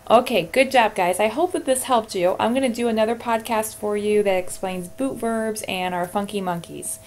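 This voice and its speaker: A woman's voice: mid-range voice, normal speed, a little mellow. A woman teaching Spanish verb endings in a screencast lesson, encouraging and talking her students through each answer as she types. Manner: encouraging, talks through typing.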